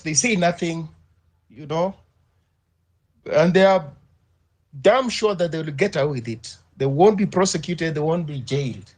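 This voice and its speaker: A man on a discussion panel, arguing forcefully with repeated rhetorical questions. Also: a little high. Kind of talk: impassioned debate argument.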